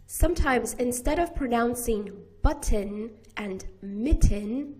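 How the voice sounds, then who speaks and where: A woman with a General American accent teaching pronunciation, repeating each sound slowly and deliberately. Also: a little high, a little mellow. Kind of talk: slow, careful pronunciation lesson.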